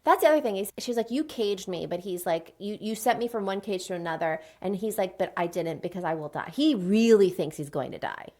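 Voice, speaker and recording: A woman's voice: medium pitch, lively intonation, a little fast, few pauses, mellow. Woman, podcast co-host, giggly and gushing, reads quotes aloud. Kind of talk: casual book chat, reading passages aloud.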